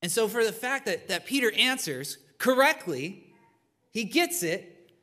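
A man's voice: high voice, sing-song, a little slow, bright, forceful tone. A man preaching a sermon as pastor in a church, talking to the congregation in a conversational way with asides. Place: church sanctuary. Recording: long reverb of a large hall.

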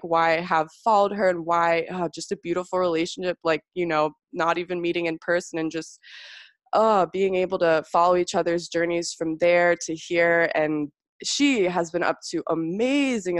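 A woman's voice: on the low side, dry recording, studio quality. A young woman hosting a podcast in casual chat, gushing and swearing freely, with lots of fillers. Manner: gushing, profane, filler-heavy. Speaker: podcast host.

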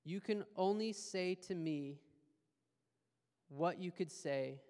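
A man preaching a sermon as a pastor, animated and conversational, with playful asides. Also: sits high, slow pace, long pauses, clear, resonant tone, in a large hall.

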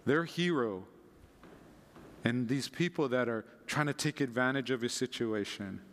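A man preaching a sermon as a pastor, conversational and animated, acting out quoted passages with dramatic readings. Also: medium pitch, unhurried, big-room sound.

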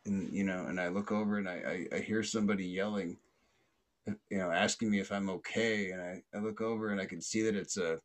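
Rambling low-voiced man telling a story. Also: steady tone, a little fast. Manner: rambling, many fillers and restarts, laughs often; acts out quoted voices loudly and higher. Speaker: podcast host. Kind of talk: casual storytelling.

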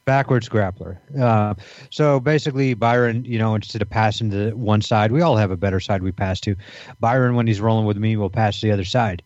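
A man talks on a podcast in a loose, rambling way, full of ums and restarts. His voice sits low, and the sound is dry and a little dull, like a modest home setup. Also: a little fast, darkish tone, dry recording. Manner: rambling, many fillers and restarts. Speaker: podcast co-host. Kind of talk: casual podcast banter.

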